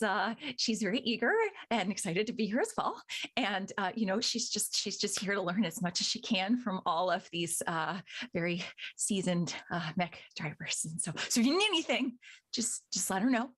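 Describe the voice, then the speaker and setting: A woman's voice: mid-range voice, a bit bright. A woman chatting eagerly as a player introducing herself and her character. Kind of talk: casual chat.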